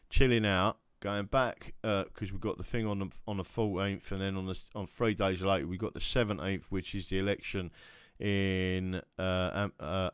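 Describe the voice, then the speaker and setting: A man hosting a livestream from home, talking in a loose, rambling way and sliding into quiet muttering now and then. His voice is low and smooth, and he sounds worn out. The sound is close and dry, with no room echo. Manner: rambling, chatty, trails off into muttering. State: tired. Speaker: livestream host. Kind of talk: casual livestream monologue.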